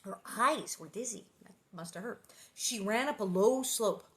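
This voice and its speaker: Woman, casual storyteller, bright and punchy tone, rambling asides between read passages. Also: mid-range voice, normal speed. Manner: chatty, rambling, playful asides. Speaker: actress reading a children's novel aloud. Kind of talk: casual chat and reading aloud.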